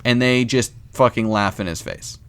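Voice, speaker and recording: A man's voice: mid-range voice, fairly even intonation, normal speed, a bit bright, clean tone. A man co-hosting a casual podcast, retelling a story with laughs and silly voices for the characters. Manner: laughs often, acts out quoted lines in silly voices. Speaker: podcast co-host.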